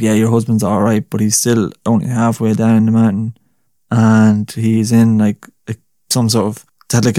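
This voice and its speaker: A man's voice: medium pitch, darkish tone, dry recording, studio quality. A young man hosting a casual solo podcast, rambling, swearing and laughing at his own story. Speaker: podcast host.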